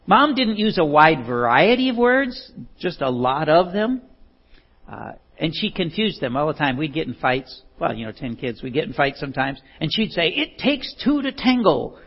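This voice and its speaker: A man's voice: on the high side, animated, normal speed, husky. A man giving a talk in a folksy, storytelling way, with chuckles and self-deprecating, rambling asides. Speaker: speaker giving a talk on love. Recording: dull lo-fi recording.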